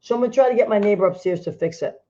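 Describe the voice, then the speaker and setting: A middle-aged woman hosting a casual chat show, animated and quick to laugh. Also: medium pitch, highs cut off. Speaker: host.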